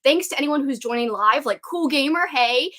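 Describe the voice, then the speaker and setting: A woman's voice: high voice, lively intonation, normal speed, pushed and bright. A young woman hosting a casual live stream, chatty and giggly as she talks with her guest. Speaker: host.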